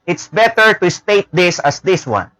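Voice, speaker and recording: High-voiced Filipino teacher, slow and deliberate. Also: male voice, big pitch swings, bright, forceful tone, dry recording, poor audio. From Philippines. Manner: repeats words, tag questions "no?" and "okay?". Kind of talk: classroom lecture. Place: classroom.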